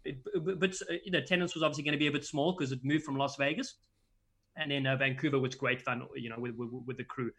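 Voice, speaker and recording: A man's voice: mid-range voice, quick pace. A middle-aged man from Africa, a rugby commentator telling stories in casual chat with lots of restarts. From South Africa. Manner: animated storyteller with many restarts.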